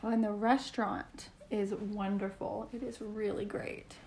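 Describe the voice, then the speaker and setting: A woman co-hosting a podcast, reading a scripted outro and chatting, quick to tease and laugh. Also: medium pitch, flat delivery, a little mellow. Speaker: podcast co-host. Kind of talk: podcast chat and scripted narration.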